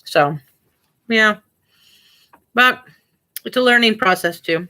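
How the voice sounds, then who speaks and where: A woman's voice: medium pitch, slow, pushed and bright. A woman from the American Midwest chatting casually and thinking aloud as she lists items to sell online. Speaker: online reseller and vlogger. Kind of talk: casual chat while working.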